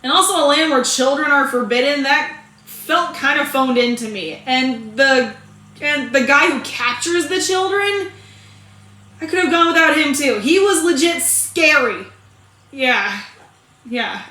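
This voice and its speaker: A woman's voice: high voice, a little slow, bright, forceful tone. A woman giving a casual spoken movie review, chatty and rambling, often restarting her sentences and laughing. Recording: echoey room.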